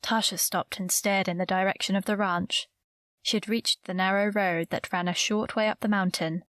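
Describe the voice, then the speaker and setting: A woman with a mid-range voice narrates a romantic suspense audiobook in a scripted, measured, even storytelling style. She's recorded close to the mic, with no echo.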